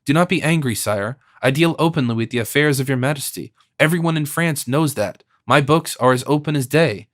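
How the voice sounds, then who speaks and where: A man voicing a hoarse, sardonic cardinal. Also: mid-range voice, brisk, few pauses, fairly bright tone, no room sound, studio quality, close to an everyday voice. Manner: ironic, disdainful. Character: sardonic scheming male cardinal minister in his sickbed.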